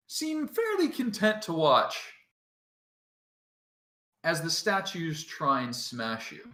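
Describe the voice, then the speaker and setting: A man running a tabletop game, his bright voice moving up and down a lot while he speaks slowly. He sounds relaxed and laughs easily, recorded in a roomy, echoey room. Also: medium pitch. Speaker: dungeon master.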